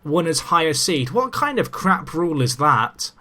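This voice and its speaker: A young man in casual let's-play commentary, chatty and excitable with self-mocking asides, talking into a desk microphone. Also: on the high side, moderate pace. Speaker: gaming commentator.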